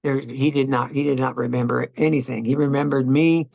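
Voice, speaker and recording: An older man, a veteran, telling his wartime memories in an oral history interview, halting and reflective with many restarts. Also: medium pitch, steady tone, vocal fry, a little mellow, no echo, muffled recording.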